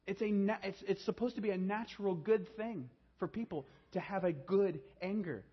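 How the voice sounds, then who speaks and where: A man preaching a sermon, swinging from hushed, low emphasis to raised, urgent delivery. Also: moderate pace, breathy edge, highs cut off. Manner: dynamic preaching, drops to a hushed low voice then rises. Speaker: pastor.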